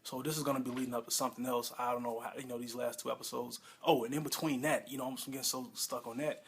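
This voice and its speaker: A man casually reviewing a TV episode at home, excitable and rambling, with lots of fillers and self-corrections. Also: medium pitch, fast, creaky, a little hiss or hum. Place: home room with a pet nearby.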